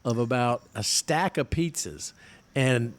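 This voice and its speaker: A middle-aged man with a drawl chats on a podcast from a remote mic. He rambles through family stories and pokes fun at himself, with a voice of ordinary pitch. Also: lively intonation, takes it slowly. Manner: chatty, self-mocking storyteller. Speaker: podcast co-host. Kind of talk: casual chat.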